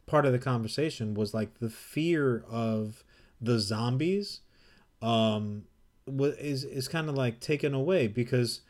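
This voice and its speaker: A man with a mid-pitched voice co-hosts a casual podcast. He rambles through his points, circles back on himself and teases his co-host between laughs. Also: a little slow, darkish tone. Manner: rambling, teasing, laughs often.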